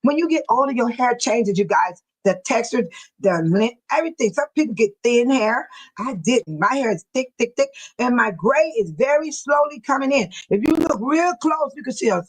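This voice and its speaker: A woman's voice: on the high side, expressive, moderate pace, slightly rough, rough recording. An older woman, a grandmother, chatting casually with viewers on her livestream, telling stories and laughing often. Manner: addresses viewers by name. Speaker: livestream host.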